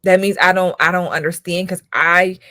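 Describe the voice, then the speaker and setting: A woman's voice: lowish voice, steady tone, normal speed, pushed and bright, no echo, studio quality. A woman in her thirties, a school counselor hosting her own channel, talking in a casual commentary style with emphatic rhetorical questions and frequent repetition.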